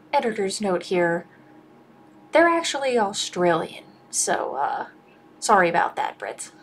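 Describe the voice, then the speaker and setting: A woman's voice: high voice, a bit bright. An American woman giving a casual comedic movie review, sarcastic and profane, rambling and a bit tipsy. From United States.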